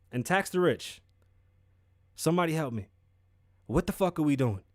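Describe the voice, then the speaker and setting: A man hosting his own podcast, riffing on the news in a loud, profane, emphatic way. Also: a little high, no echo, clean studio sound. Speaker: podcast host. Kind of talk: casual news commentary.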